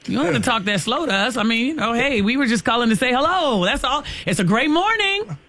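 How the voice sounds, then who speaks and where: A man hosting morning radio in a fairly high voice. He teases his callers in a lively, fast patter. His talk is casual banter. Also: gravelly. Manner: lively, teasing, quick-talking. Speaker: radio morning show host.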